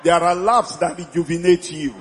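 Male preacher, 50s, high and exuberant, shouts and laughs through the sermon; reverberant church hall, congregation faint behind. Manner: exuberant, often shouting and laughing, drawn-out praise calls. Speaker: pastor. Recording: echoey hall with congregation noise.

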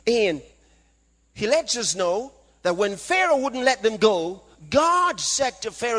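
A man preaching a sermon, reading scripture aloud and swinging between loud calls and hushed asides. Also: very high-pitched, big pitch swings, measured pace. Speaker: pastor. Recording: long hall reverb.

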